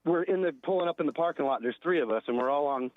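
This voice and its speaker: A man's voice: fairly high pitch, fast talker. A man in his forties calling in to a radio show, telling a rambling story full of fillers. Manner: rambling with many fillers and laughs. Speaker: caller. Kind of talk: casual phone-in storytelling. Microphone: phone. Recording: tinny phone line.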